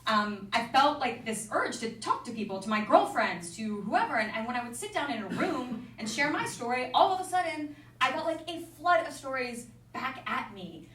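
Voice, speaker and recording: A woman's voice: high voice, big pitch swings, a bit bright. Candid young woman telling her story. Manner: candid, self-deprecating, quick asides. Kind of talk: personal storytelling on stage. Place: event venue with an audience. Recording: echoey room, mic from a distance.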